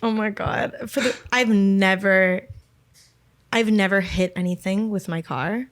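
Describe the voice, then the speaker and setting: A young woman in her twenties co-hosting a podcast, telling stories in an animated way and laughing as she talks. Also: medium pitch, unhurried. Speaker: podcast co-host. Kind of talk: casual chat.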